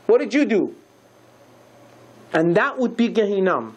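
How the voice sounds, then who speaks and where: A rabbi giving a sermon, telling a story and acting out the dialogue with lively shifts in voice. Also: male voice, high voice, a little slow, long pauses.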